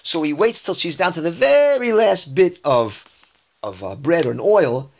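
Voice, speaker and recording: A man's voice: a little high, big pitch swings, normal speed, creaky. A man giving a verse-by-verse scripture lesson. He reads Hebrew verses aloud and then explains them in English, often restarting his sentences. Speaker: Bible teacher.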